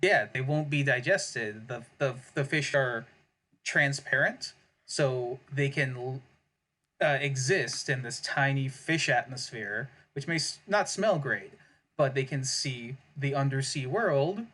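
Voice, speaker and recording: A man's voice: medium pitch, slow pace, bright, forceful tone. A man co-hosting a tabletop gaming podcast, rambling casually through setting ideas, often repeating himself and laughing. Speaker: podcast co-host. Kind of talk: casual worldbuilding chat.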